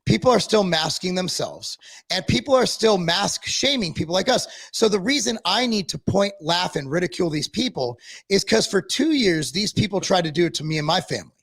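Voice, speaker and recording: A man's voice: high-pitched, animated, fairly quick, a bit bright, slightly rough. A man from Tennessee co-hosting a live-stream talk show, ranting in a sarcastic, mocking way. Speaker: podcast co-host.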